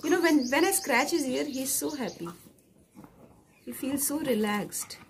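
Mom, middle-aged, high bouncy voice, chatty and fond, phone video outside. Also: female voice, animated, measured pace, slight background noise. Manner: fond, chatty, coos to the dog. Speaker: dog owner and mother. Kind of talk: casual home video chat. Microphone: phone camera held by her daughter.

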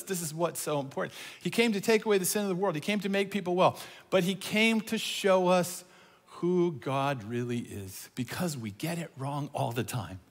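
Male preacher, fairly high voice, big reverb-heavy church hall, animated delivery that swings loud to hushed. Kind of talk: sermon. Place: church auditorium. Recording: long reverb of a large hall.

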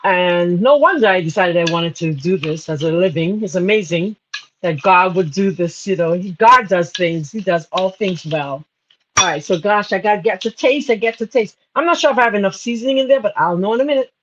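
A woman's voice: fairly low pitch, fairly quick. A Bahamian woman hosting a live cooking show, chatting casually, laughing, and turning tearful and spiritual as she talks. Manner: emotional, laughing, spiritual asides. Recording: slightly dull audio with faint noise.

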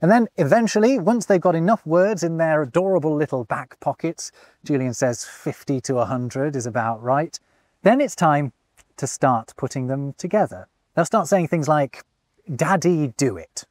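A man's voice: on the high side, normal speed, darkish tone, no room sound. A man hosting a video and narrating a scripted explainer with enthusiasm, a young father speaking close to the mic. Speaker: host.

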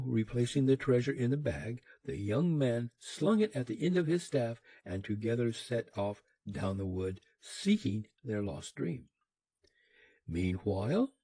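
A man narrating an old fairy tale in a slow, expressive reading. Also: mid-range voice, creaky, husky, no room sound. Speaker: audiobook narrator. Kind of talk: storybook narration.

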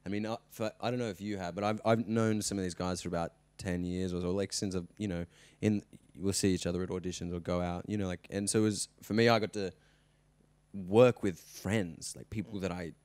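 Young aussie guy, real deep voice, keen and a bit stammery, dry studio mic. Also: steady tone, a little fast, a little mellow, no room sound. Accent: Australian. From Australia. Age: young adult. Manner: enthusiastic, stammering restarts. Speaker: actor guest. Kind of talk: casual interview chat. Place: interview studio.

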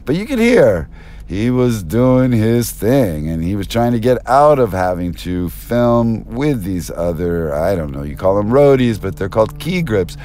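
A self-styled press speaker delivers an erratic, conspiratorial stream-of-consciousness monologue, jumping between topics, recorded on a binaural mic. His voice is low and a little mellow.

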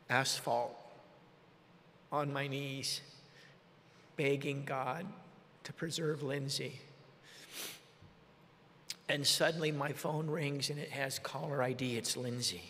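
A middle-aged man preaching a sermon story, talking with strong emotion that swings from quiet to loud. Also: mid-range voice. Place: large meeting hall. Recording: long hall reverb.

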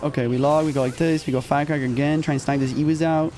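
An excitable young man talks through his own match as he plays, in loose casual slang that spikes into yelps when things go wrong. His voice sits a little high for a man, and music plays faintly underneath. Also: a little fast. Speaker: gaming streamer. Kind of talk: live gameplay commentary.

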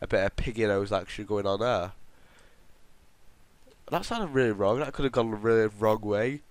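A man's voice: lowish voice, lively intonation, normal speed, smooth, no echo. A man hosting a gaming video, rambling and joking to his viewers as he plays. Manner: rambling, jokey, chatting to viewers. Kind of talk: gameplay commentary.

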